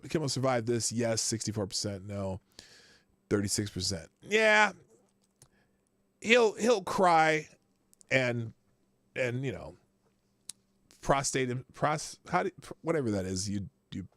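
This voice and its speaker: A man with a bright, gravelly voice hosts a live news stream, reading articles aloud and then cutting in with crude, irreverent rants. He leans into loud outbursts and blunt, profane asides. The sound is dry and close, with no room around it. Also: mid-range voice, big pitch swings, a little slow, pauses often, dry recording. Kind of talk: casual news commentary.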